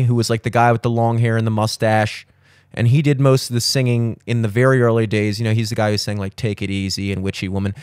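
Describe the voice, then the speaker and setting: The man's voice is clear and resonant, recorded in clean studio sound without room noise. In his thirties, he hosts a podcast in casual chat, rambling profanely and opinionatedly with animated pitch jumps.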